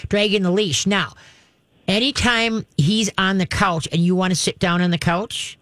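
A woman's voice: mid-range voice, moderate pace, fairly bright tone, no echo. Direct, chatty woman dog trainer. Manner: direct, instructive, chatty with laughs. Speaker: radio show dog trainer host. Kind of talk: advice call-in talk.

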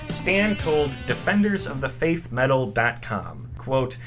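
Male podcast host, scripted and opinionated, with an ordinary pitch and soft music underneath. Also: very animated, slow pace, hardly any pauses. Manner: enthusiastic, opinionated storyteller.

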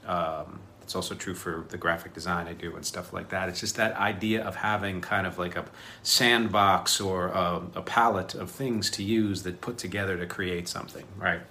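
A man's voice: low-pitched, fairly even intonation, moderate pace, sharp tone, slight background noise. A man hosting his own music podcast, talking casually and rambling with lots of fillers and asides. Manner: rambling, self-deprecating, filler-heavy. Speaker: podcast host. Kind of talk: casual video podcast talk.

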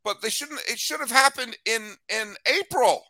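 A man's voice: very high voice, normal speed, bright, forceful tone, dry recording. A man co-hosting a sports talk show, chatting casually and hamming up a sponsor read. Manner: jokey, hammy ad delivery. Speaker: podcast co-host.

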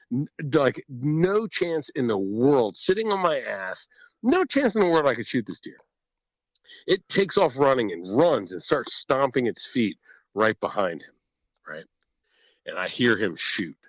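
A man spins a story on a podcast in a lively voice that swings high and low. He is animated and swears freely, often breaking into laughter. His voice sits at middle pitch and is recorded dry and close, with no room sound. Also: no room sound, rough recording. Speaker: podcast guest or host telling a hunting story. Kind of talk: casual storytelling. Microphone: podcast microphone.

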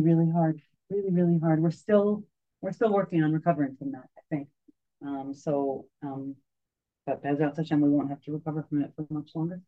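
A woman telling a story to a group, halting and full of fillers and restarts, as a tour guide. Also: deep voice. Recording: dull lo-fi recording.

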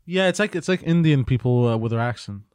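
A man's voice: mid-range voice, expressive, fast talker, darkish tone, smooth, no room sound, clean studio sound. A man in casual podcast chat, offhand, often cutting in with short remarks.

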